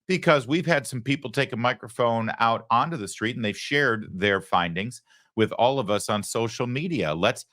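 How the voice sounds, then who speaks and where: A man's voice: medium pitch, normal speed, a bit bright. A man hosting a political commentary show, talking in an emphatic, sarcastic way.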